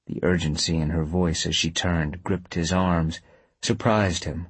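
A man narrating a story in a calm, measured audiobook reading. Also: sits low, breathy edge, no room sound. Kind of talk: scripted narration.

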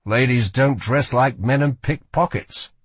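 A man's voice: medium pitch, a little slow, husky, no echo. A man voicing a young male magician in an audiobook, matter-of-fact and urgent. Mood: earnest. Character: bound young male magician, earnest and strained. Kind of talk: audiobook character voice.

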